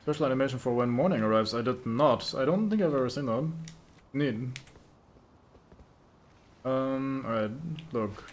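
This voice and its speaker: A man's voice: mid-range voice, lively intonation, normal speed, pauses often. A man giving casual, joking let's-play commentary, muttering to himself and swearing freely as he plays. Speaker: gameplay commentator.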